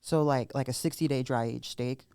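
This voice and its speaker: A man's voice: mid-range voice, fairly even intonation, normal speed, vocal fry, dark tone, smooth, no echo, clean studio sound. A man talking as a podcast guest in a casual chat, rambling, swearing constantly and filling his talk with "like".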